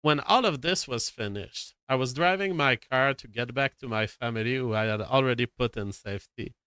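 Bright-voiced man. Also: mid-range voice, moderate pace, smooth, no room sound. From Canada. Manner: rambling, profane, self-dramatizing. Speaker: storyteller. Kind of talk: casual anecdote.

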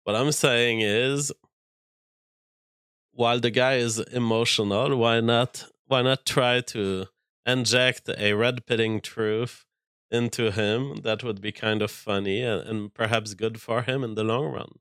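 A man in the middle of a stream who talks over clips and reads viewer comments aloud. He argues his views bluntly. His voice is smooth and resonant, and the sound is close and dry with no room behind it. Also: medium pitch, fairly even intonation, a little slow, a bit bright, no room sound. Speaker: streamer reacting to clips and reading chat. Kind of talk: opinionated commentary.

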